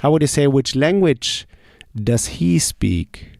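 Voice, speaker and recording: Slow, careful language teacher man. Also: mid-range voice, animated, gravelly, darkish tone, no room sound, clean studio sound. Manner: asks a question, pauses, then says the answer slowly. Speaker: German teacher. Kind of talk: slow drill lesson.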